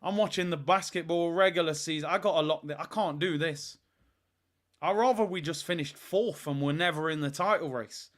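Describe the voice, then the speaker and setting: A man hosts a live football watch-along, ranting with exasperation and biting sarcasm. His voice sits fairly high for a man.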